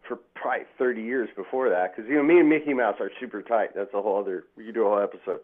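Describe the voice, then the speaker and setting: This podcast guest, heard on a tinny phone-like line, speaks very fast in a lowish voice. In casual conversation he rambles through profane stories full of swearing and acted-out quotes.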